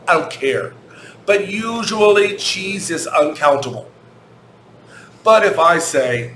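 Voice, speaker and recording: An American man gives a children's English lesson, speaking very slowly and repeating each question. He spells words out letter by letter. The recording has an echoey room sound with a faint hum behind it. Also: fairly high pitch, expressive, a bit bright. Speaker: English teacher.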